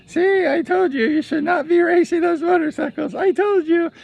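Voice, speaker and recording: Scolding worried mother, shrill and high, told-you-so nagging; man doing a falsetto impression. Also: normal speed, vocal fry, darkish tone, dull audio.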